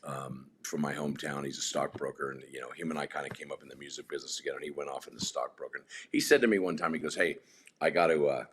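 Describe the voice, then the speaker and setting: Very deep-voiced man spinning road stories. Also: quick pace, a little hiss or hum. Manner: rambling, animated anecdotes with many restarts. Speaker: podcast guest. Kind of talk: casual storytelling chat.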